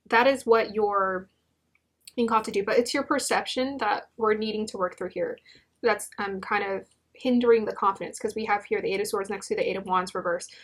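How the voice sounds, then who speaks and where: A young woman giving a gentle, encouraging tarot reading, with many restarts and fillers. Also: a little high. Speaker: tarot reader.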